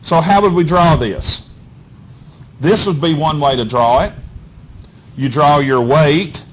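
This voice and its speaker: A man's voice: on the high side, slow. A male physics teacher, lecturing a class in a folksy, coaxing way and checking in constantly with "okay?" and "all right?". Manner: folksy, coaxing, talks straight to students.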